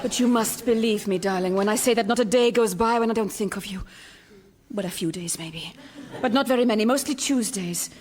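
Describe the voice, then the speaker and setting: An actress playing a Swedish woman reunited with an old love, speaking in a breathy, melodramatic way that keeps rambling off track. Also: medium pitch, brisk, a crowd in the background, lightly acted. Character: Swedish woman, a man's long-lost love. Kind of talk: radio sitcom acting.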